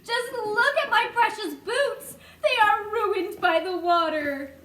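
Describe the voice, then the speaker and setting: A woman's voice: extremely high pitch, slow, fairly bright tone, roomy sound, pitched above the performer's own voice, heavily acted. A woman voicing a vain, dramatic centipede in a storybook, breathless and melodramatic.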